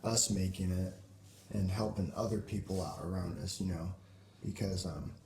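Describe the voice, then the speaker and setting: A man's voice: low voice, fairly even intonation, moderate pace, creaky, mellow. A young man from Portland, a band member speaking earnestly and hesitantly with many ums in an interview. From Portland, Oregon. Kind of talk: casual interview chat. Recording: echoey room with faint noise.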